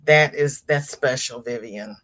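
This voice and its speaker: Woman livestream host, middle-aged, unhurried delivery, chatty, greets viewers by name. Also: rumbling low, fairly bright tone. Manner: greets viewers by name and reads out chat comments. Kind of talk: casual livestream chat.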